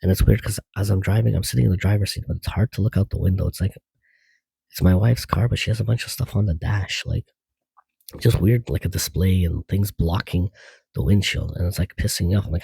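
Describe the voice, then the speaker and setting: A deep, gravelly man rambles through a dream he had, stacking up "like" and restarting his sentences as he goes. His voice is husky and mellow, recorded close and dry. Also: fairly even intonation, fairly quick, dry recording, low-quality recording. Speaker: dream journal vlogger. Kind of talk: casual dream retelling.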